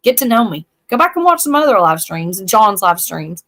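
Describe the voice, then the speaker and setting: A woman's voice: medium pitch, sing-song, normal speed, a bit bright. A woman from Tennessee with a Southern accent, hosting a casual live stream chat, frank and chatty, often restarting her sentences. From Tennessee, USA.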